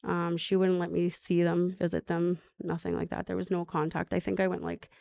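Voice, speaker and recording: Low-voiced woman telling her story. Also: little pitch movement, gravelly, mellow, no room sound. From Canada. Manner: halting, many fillers and restarts. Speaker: podcast guest. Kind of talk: emotional personal recovery story.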